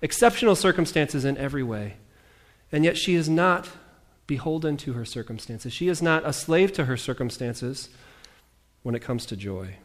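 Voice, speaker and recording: A man preaching a sermon as pastor, animated, with jokey asides and voices he mimics. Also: medium pitch.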